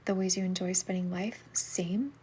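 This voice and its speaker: Soft-spoken woman, soothing reader. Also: fairly low pitch, fairly even intonation, moderate pace, slight background noise. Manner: soft, soothing voice that drops into whispers. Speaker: livestream soulmate reader. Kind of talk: casual livestream reading and chat.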